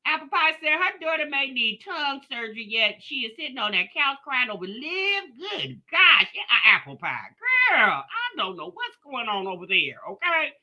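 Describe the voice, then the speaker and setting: A woman hosts a reaction live stream with a sassy, animated delivery. Her voice has a very bright, forceful edge, and her pitch swings widely as she talks straight to her chat. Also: fairly quick, hardly any pauses. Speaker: live-stream commentary host.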